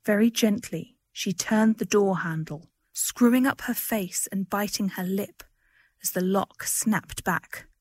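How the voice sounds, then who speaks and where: Expressive woman reading a story aloud. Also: medium pitch, a little slow, no echo. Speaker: reader. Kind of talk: audiobook narration.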